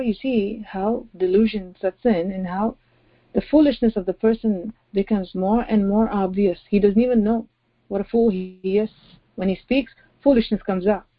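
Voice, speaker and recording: A woman's voice: medium pitch, no room sound. A woman pastor preaching a sermon, stressing her points by repeating phrases. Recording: dry, dull lo-fi audio.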